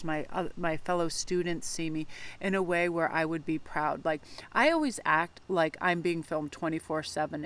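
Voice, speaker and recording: A woman tarot reader talking casually to her viewers in a vlog, effusive and rambling with lots of fillers. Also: on the low side.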